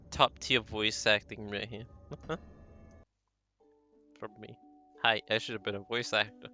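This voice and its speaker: Male streamer, joking commentary, very bright tone, playful. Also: fairly low pitch, fairly even intonation, slow, long pauses, soft background music. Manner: joking, laughs at himself, stammers playfully. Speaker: gaming streamer. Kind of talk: let's-play commentary.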